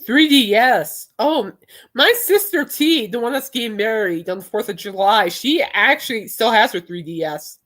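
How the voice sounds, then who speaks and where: A woman's voice: fairly high pitch, expressive, moderate pace, a bit bright. Bubbly rambling woman podcast host. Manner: bubbly, rambling, laughs often. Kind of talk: casual chat.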